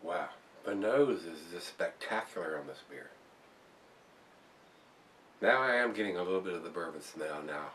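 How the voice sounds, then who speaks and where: A man's voice: sits low, animated, moderate pace, pauses often, a bit bright, distant mic, slight background noise. A man casually reviewing a beer for viewers, rambling and repeating words as he talks.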